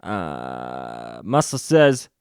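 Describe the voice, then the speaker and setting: Halting, sarcastic man recapping a comic. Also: very deep voice, wildly swooping pitch, creaky, smooth, dry recording, clean studio sound. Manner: halting, restarts, sarcastic asides. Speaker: comic book reviewer. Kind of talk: casual recap.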